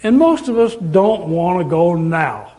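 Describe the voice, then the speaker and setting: Slow, high-voiced male preacher. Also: expressive, mellow. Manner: earnest, emphatic with rhetorical questions. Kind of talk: sermon.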